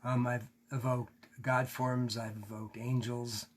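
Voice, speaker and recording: Slowly and with little pitch movement, a medium-voiced man tells his class a frank personal story mid-lecture, swearing as he acts out the things he once said. Slight background noise is audible.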